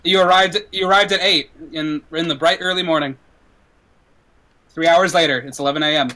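A man's voice: on the high side, brisk, rough recording. Man narrating as dungeon master. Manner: relaxed storytelling with fillers. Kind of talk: narrating a tabletop game.

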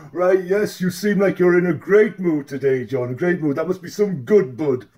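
A man's voice: high-pitched, unhurried, warm tone. Man playing a mock-serious news anchor. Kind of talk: comedic news parody.

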